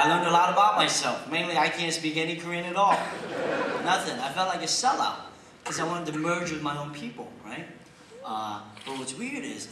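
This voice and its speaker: A man in young adulthood doing a brash stand-up comedy set with deadpan punchlines, on a large theater stage. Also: fairly high pitch, very noisy. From Pennsylvania, USA. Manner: brash, deadpan punchlines, shouts in put-on quotes. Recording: echoey theater taped from far off, loud crowd laughter.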